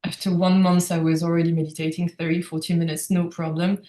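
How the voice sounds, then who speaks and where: A woman's voice: on the low side, fairly quick. Woman with a roomy echo. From France. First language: French. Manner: animated, reflective, laughs often. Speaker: guest. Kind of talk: casual conversational storytelling.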